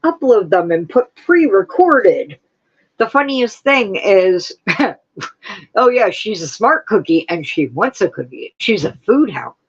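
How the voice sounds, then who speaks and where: A woman's voice: mid-range voice, animated, slow, slightly rough, highs cut off. A woman hosting a casual home livestream, chatting to viewers and breaking off to scold her dogs. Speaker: crochet livestream host. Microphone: camera on a tripod.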